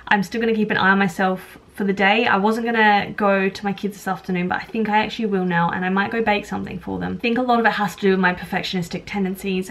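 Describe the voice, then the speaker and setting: A woman's voice: mid-range voice, a bit bright. A young woman talking frankly to camera at home, rambling and self-mocking as she gives tips. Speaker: vlogger and childminder. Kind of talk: candid talk to camera. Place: home, moving between rooms.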